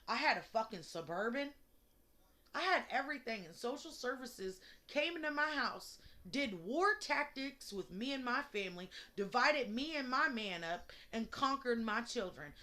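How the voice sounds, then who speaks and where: A woman's voice: a little high, sharp tone. A young woman, ranting angrily and bluntly in an unedited vlog, swearing freely. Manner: angry, profane, blunt. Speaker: mother venting on video. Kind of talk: emotional unedited vlog rant.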